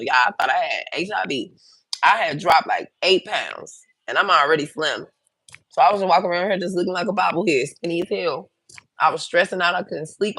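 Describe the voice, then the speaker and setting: A woman's voice: deep voice, fairly bright tone, no echo. A woman hosting a livestream, talking frankly and bluntly to her viewers as she gives advice and tells her own stories. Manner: frank, blunt, chatty, addresses viewers directly. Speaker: host. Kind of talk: candid livestream advice and storytelling.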